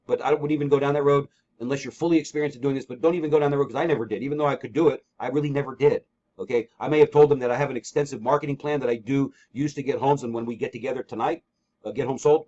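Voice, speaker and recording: Male sales trainer, quick and emphatic, on a muffled lo-fi call line. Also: mid-range voice, a little mellow. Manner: emphatic, repetitive, coaching with sample scripts. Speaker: real estate trainer. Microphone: call recording. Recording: dull lo-fi call audio.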